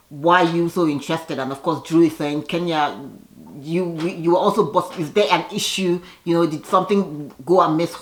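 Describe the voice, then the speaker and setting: A woman chats through a reality-show recap in a gossipy, animated way, slipping into quick voices for the people she describes. Her voice sits a little low. The sound has a noticeable room echo. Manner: gossipy and animated, voices the cast members in quick asides and laughs. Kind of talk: casual recap commentary.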